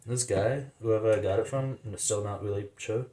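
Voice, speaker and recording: A man's voice: lowish voice, moderate pace. A man hosting a casual cooking vlog in his home kitchen, rambling, slangy and amused at himself. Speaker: cooking vlogger. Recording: echoey room, faint noise.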